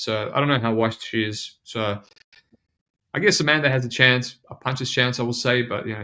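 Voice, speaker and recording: A man with a New Zealand accent hosts a casual podcast, talking loosely with plenty of slang. His voice sits at a middling pitch. It has an easygoing, chatty flow. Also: a bit bright. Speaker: podcast host. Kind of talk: casual betting podcast chat.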